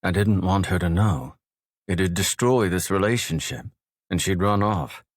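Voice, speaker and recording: Deep-voiced male audiobook narrator. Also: unhurried, no room sound, studio quality. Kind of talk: first-person romance audiobook narration.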